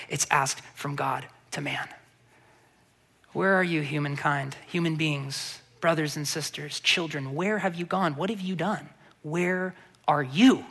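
A pastor preaching with rising intensity. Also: male voice, a little high. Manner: building from quiet reflection to animated emphasis; rhetorical questions to the congregation. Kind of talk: sermon.

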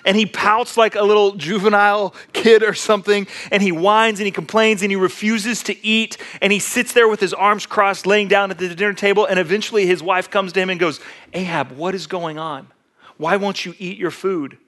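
A man preaching a sermon, retelling scripture in a relaxed, conversational storytelling way. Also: high voice, a little fast, hardly any pauses. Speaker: pastor.

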